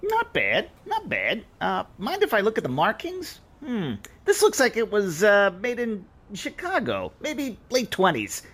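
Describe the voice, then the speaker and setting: A man's voice: high voice, wildly swooping pitch, measured pace, hardly any pauses, a bit bright, heavily acted. A man with a Queens accent playing a wisecracking pawnshop owner who haggles hard. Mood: haggling. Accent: New York, Queens. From Queens, New York. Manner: wisecracking, bargaining.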